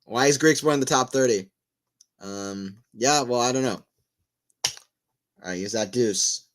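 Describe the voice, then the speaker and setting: A man's voice: mid-range voice, a little slow. A man giving casual live play-by-play tennis commentary, chatting and rambling between rallies and lifting his voice on big points.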